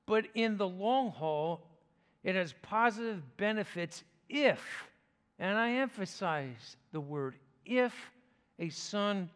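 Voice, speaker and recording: A male pastor delivers a sermon in a slow, deliberate cadence, leaving pauses between phrases. His voice sits a little high for a man. The sound rings with the long reverb of a church sanctuary. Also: a bit bright, clean tone.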